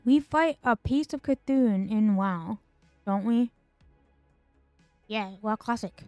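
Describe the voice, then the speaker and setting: A woman's voice: fairly high pitch, slow, dark tone, no room sound, soft background music. Exasperated sarcastic woman streamer ranting. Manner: exasperated, sarcastic, swearing, full of fillers. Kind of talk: casual ranting stream commentary.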